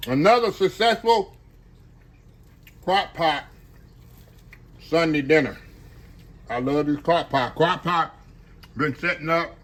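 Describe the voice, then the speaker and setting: A man's voice: fairly high pitch, a bit bright, breathy edge. A man chatting casually to his viewers while cooking at home in his kitchen. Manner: chatty, talks to viewers as "y'all". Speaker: home cook.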